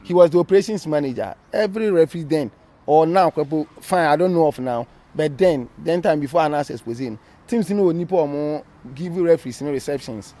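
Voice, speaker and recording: A man's voice: a little high, brisk, dark tone. A Ghanaian man, a former referee, being interviewed, telling his story animatedly in a casual mix of English and Twi.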